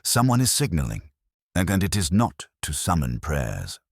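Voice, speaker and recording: A man with a very deep, husky voice playing a calm, incisive aristocratic detective who speaks with quiet precision. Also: normal speed, no echo, studio quality, heavily acted. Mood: measured.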